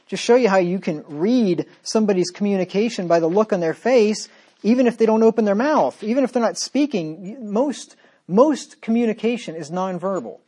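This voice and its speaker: A man preaching a sermon, reading verses aloud and dropping into sarcastic low asides between loud points. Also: animated, normal speed.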